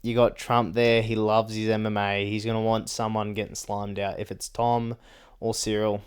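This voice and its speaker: A man with a low, smooth and clear voice talks in a loose, rambling chat. He swears freely and often breaks into short laughs between his points. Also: flat delivery, normal speed. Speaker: MMA commentary vlogger. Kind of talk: casual chat.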